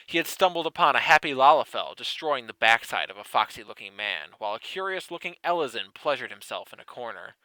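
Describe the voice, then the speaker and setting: A man's voice: medium pitch, very animated, fast talker, few pauses, pushed and bright, no room sound, low-quality recording. A man doing a comedic, mock-serious dramatic reading of fan fiction, breaking into laughing asides. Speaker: podcast host reading fan fiction aloud.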